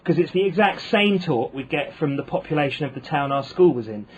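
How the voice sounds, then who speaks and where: Posh British man, slightly high voice, rambling wry storyteller, faint room noise. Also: expressive, a little fast, low-quality recording. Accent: posh British English. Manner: rambling, wry, full of ums and restarts. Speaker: comedian guest. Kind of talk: casual interview chat.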